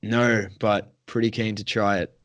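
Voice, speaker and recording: A young man, co-hosting a casual podcast with relaxed, joking banter. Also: lowish voice, measured pace. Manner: laid-back, joking banter. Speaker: podcast co-host. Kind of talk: casual chat.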